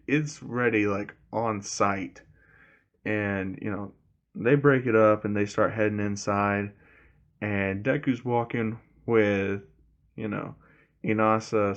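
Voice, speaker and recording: A man's voice: fairly low pitch, dull audio. A man casually retelling a fan story, rambling with lots of "you know" fillers.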